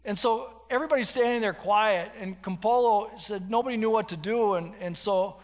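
A male pastor telling a story in a sermon, animated, with frequent restarts. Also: high voice, moderate pace. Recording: long hall reverb.

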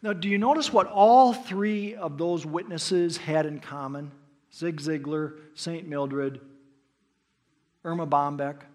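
A middle-aged pastor preaches a sermon full of stories, swinging between loud emphasis and hushed asides. His voice is on the high side and his pace is slow.

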